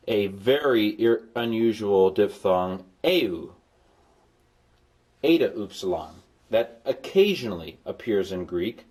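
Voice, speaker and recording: A middle-aged man teaching a recorded Greek lesson, sounding out vowels slowly and repeating them with enthusiasm. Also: lowish voice, a little mellow.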